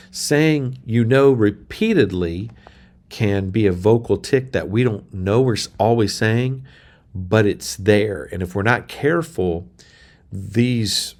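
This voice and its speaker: Middle-aged man, lowish voice, plain unhurried instructor giving a teaching talk to preachers. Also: darkish tone. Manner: plain, unhurried, with fillers and restarts. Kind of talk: teaching talk on sermon delivery.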